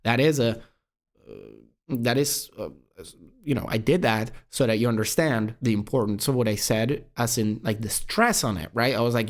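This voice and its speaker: A young man with a mid-range voice hosts a self-improvement video, delivering a casual monologue to camera. He talks fast, swears a lot, and calls the viewer bro.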